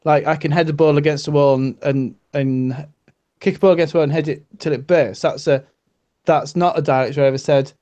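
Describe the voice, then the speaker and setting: A British man talking loosely in a group call, his voice sitting a touch higher than most men's. He rambles, trips over his own words, restarts sentences and reaches for fillers as he works his way to a point. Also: a little fast, warm tone, dull audio. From Britain. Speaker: co-host. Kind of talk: casual group chat on a call.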